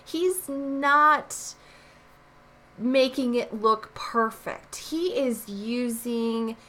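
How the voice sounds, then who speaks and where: A woman's voice: on the high side, extremely slow, bright, forceful tone. A woman art teacher recording a review lesson, explaining each answer and driving points home with short repeated phrases.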